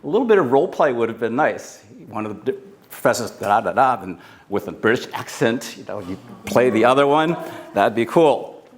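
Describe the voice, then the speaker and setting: A man evaluating a speaker at a club meeting, an encouraging coach who mixes praise with advice in an expressive way. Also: a little fast. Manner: expressive, often shifting pitch and pace. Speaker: speech evaluator.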